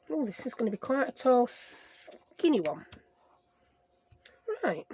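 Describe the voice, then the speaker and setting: A woman's voice: fairly high pitch, very animated, takes it slowly, warm tone, a little hiss or hum. A woman with a Sheffield accent chatting her way through a craft project, rambling and joking at herself with playful made-up words. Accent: Sheffield English. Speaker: craft vlogger. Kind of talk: chatty craft-along narration.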